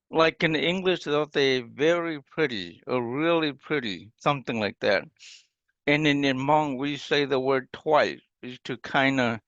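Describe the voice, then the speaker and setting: A man's voice: mid-range voice, a bit bright, no room sound, lo-fi sound. A man teaching an online language class, patiently explaining and demonstrating example phrases over a video call.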